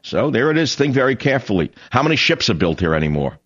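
A man hosting a political talk radio show, ranting in a combative, sarcastic monologue with sudden loud outbursts. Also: medium pitch, big pitch swings, quick pace, lo-fi sound.

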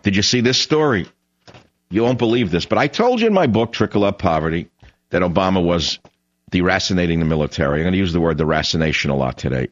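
A man's voice: deep voice, lively intonation, fast talker, highs cut off. Combative man ranting on talk radio. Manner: combative, sarcastic ranting with sudden loud outbursts. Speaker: radio talk show host. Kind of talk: political talk radio monologue.

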